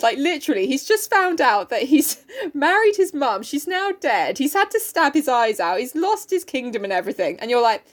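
A woman with a high voice recaps a play with a co-host. Her delivery is sarcastic and full of swearing. She laughs often as she chats. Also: big pitch swings, normal speed, few pauses. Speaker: podcast co-host. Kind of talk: casual chat recapping a play.

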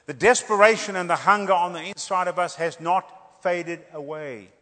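A male preacher with a high, bright voice delivers an animated revival sermon, joking and hammering phrases through repetition. His words ring out with a long reverb in a church hall. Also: moderate pace.

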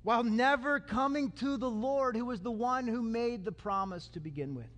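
A male pastor preaching a sermon, animated and calling on the congregation to answer. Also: very high-pitched, fairly quick, hardly any pauses. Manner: animated, calls for congregation response. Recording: long hall reverb.

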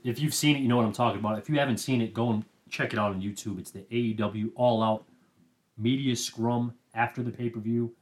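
A man's voice: medium pitch, fairly even intonation, brisk. A man hosting a casual, enthusiastic recap of wrestling moments. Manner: enthusiastic, chatty. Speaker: wrestling commentary host.

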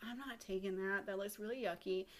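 A woman's voice: mid-range voice, steady tone, fairly quick, natural voice. A woman voicing a whiny wooden puppet boy in her everyday voice, complaining as she retells the story.

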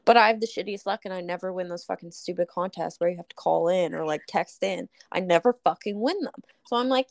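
A young woman co-hosting a podcast, chatting casually, swearing freely and ranting in animated retellings. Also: medium pitch, fairly quick, creaky, no room sound, studio quality. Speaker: podcast co-host. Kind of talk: casual chat.

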